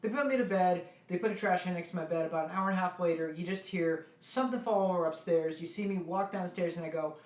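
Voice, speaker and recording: A man's voice: high-pitched, quick pace, hardly any pauses, a little mellow. A young man tells a party story as a guest in casual chat. His delivery is brash, punchy and profane. The recording sounds roomy and echoey. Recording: echoey room.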